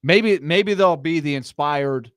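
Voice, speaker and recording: A man's voice: fairly high pitch, takes it slowly, smooth, no echo, studio quality. A man co-hosting a sports talk show, breaking down a game in a hesitant, analytical way. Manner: hesitant, analytical, restarts sentences.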